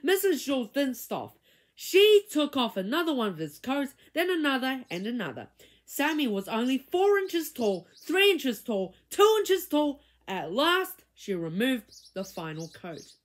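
Woman reading a kids' book aloud, expressive, dramatic, high voice, very lively pitch. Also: a little slow. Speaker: reader.

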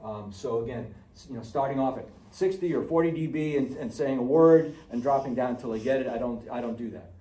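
A man giving a conversational audiology lecture, full of fillers and restarts, who gets animated when he acts out patients. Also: mid-range voice, fairly quick, hardly any pauses, roomy sound, recorded from a distance, rough recording. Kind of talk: recorded classroom lecture.

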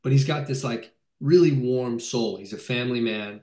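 Enthusiastic director, roomy echo. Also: male voice, mid-range voice, normal speed, dark tone. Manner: enthusiastic, rambling with many fillers and restarts. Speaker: film director. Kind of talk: casual video-call interview.

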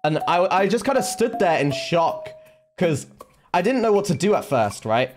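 A young man on a stream tells a story casually and animatedly, swearing heavily and packing in fillers and restarts. His voice is fairly high, his speed normal, and music plays in the background.

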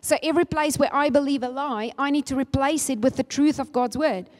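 A woman preacher delivers an earnest, emphatic sermon. Her voice sits somewhat high and jumps higher on key points. A long reverb trails each phrase through the church hall. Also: brisk, darkish tone. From Namibia. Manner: earnest, emphatic with rising spikes.

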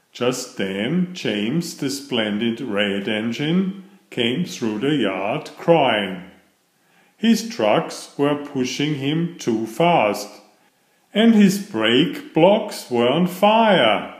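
A man narrating a children's picture book read-aloud in an unhurried storytelling manner. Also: mid-range voice, big pitch swings. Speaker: storybook reader. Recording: echoey room.

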